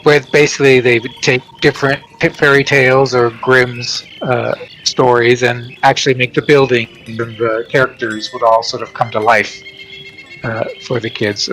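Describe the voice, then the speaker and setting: Relaxed man explaining his build. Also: medium pitch, rough recording. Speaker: guest builder. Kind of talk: casual chat explaining a build.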